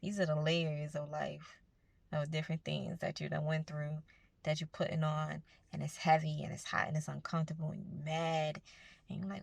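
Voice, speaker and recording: Low gravelly-voiced woman giving pep talk. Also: little pitch movement, normal speed, no echo. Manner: earnest, conversational, spiritual encouragement. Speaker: self-help vlogger. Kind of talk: casual motivational talk to camera.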